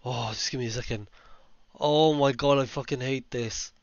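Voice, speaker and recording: A man's voice: medium pitch, steady tone, moderate pace, highs cut off, noisy background. A man playing a horror game who talks to himself, is easily startled and swears a lot. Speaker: let's play gamer. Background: game music.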